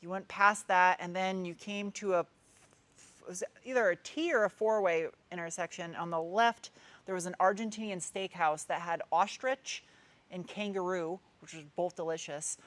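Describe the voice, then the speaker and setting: A woman in her thirties with a New England accent, talking in a slightly low voice. She hosts a casual live stream and answers viewer comments in a loose, meandering way, circling back and restarting her sentences. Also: normal speed, a bit bright. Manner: chatty, rambling, meandering with frequent restarts. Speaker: car channel host.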